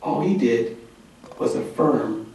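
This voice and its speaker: A man's voice: mid-range voice, takes it slowly, far from the mic, a little hiss or hum. Folksy male organizer in an echoey hall. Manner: animated storytelling, folksy and emphatic. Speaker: community organizer giving a conference talk. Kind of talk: conference speech. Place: conference hall.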